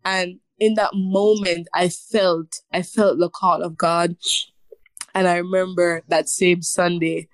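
A woman's voice: lowish voice, level tone, slow pace, dry recording. A woman in her twenties telling her personal testimony as an interview guest, earnest and emotional, often laughing as she speaks.

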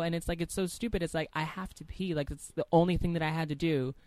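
A woman's voice: low-pitched, fairly even intonation, fast, darkish tone, dry recording. A young trans woman, a podcast guest, telling personal stories in casual chat with many fillers and restarts.

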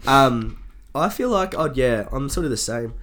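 A man's voice: medium pitch, lively intonation, moderate pace, a bit bright. A young man co-hosting a podcast, bantering loosely and swearing casually. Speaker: podcast co-host. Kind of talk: casual chat.

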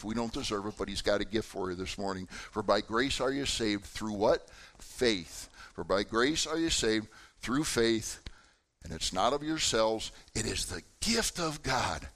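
Delivering a sermon, this male pastor keeps his congregation engaged with questions, his voice swinging lively in both pitch and loudness.

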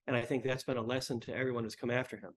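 A man who is a history professor, speaking as an interview guest in a measured, scholarly, explanatory way. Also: medium pitch, steady tone.

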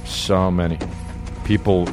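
A man's voice: low-pitched, fairly even intonation, slow, over music. A young man hosting a podcast, riffing profanely in casual comedic chat and jumping into silly voices. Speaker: podcast host.

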